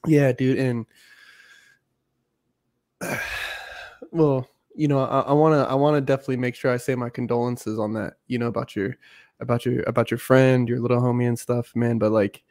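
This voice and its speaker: A man's voice: mid-range voice, little pitch movement, moderate pace, pauses often, a little mellow, no echo, clean studio sound. A man hosting a podcast, chatting in an easygoing, slangy way. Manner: easygoing, slangy, calls people bro. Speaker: podcast host. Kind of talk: casual podcast chat.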